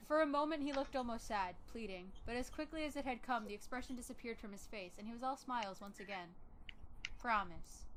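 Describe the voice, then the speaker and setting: A woman's voice: a little high, a little fast, a little hiss or hum, low-quality recording. A woman playing a dating sim with friends, reading the narration aloud and joking about her misreadings. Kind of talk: casual game reading with friends.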